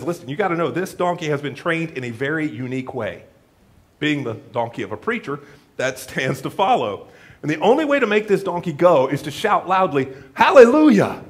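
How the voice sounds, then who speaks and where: A man preaching a sermon in a church, telling a folksy joke story and acting out the voices of its characters. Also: on the high side. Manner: animated storytelling with acted-out voices; jokey, folksy. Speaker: pastor.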